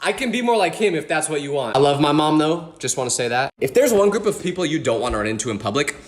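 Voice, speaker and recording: A man in his twenties telling scripted comedic stories in an animated, self-mocking way. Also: on the high side, quick pace, slight background noise. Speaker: comedic storyteller.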